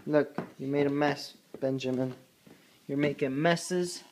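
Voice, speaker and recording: A man's voice: medium pitch, steady tone, unhurried, noisy background. A young man and father talking casually to his camera at home in a loose, chatty way, swearing freely. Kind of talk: casual vlog chat to camera.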